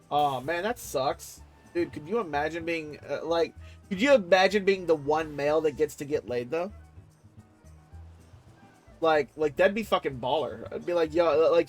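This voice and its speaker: A young man streaming a game and chatting in loose, slangy banter. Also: fairly high pitch. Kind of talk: casual gaming chat.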